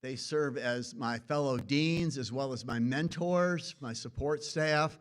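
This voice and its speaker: A man's voice: medium pitch, slow. A man with a Brooklyn accent, a college dean opening a student awards ceremony before a live audience, speaking in a folksy, emphatic way with rhythmic lists.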